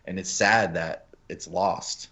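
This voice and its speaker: A man's voice: sits low, fairly even intonation, takes it slowly, bright, forceful tone. A man co-hosting a comic book podcast, rambling casually and swearing. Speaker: podcast co-host. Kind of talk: casual chat. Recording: dull lo-fi audio.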